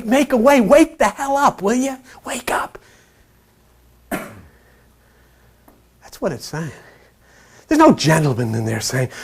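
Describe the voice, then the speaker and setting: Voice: medium pitch, darkish tone. Blunt, impassioned preacher with earthy slang. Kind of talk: impassioned sermon.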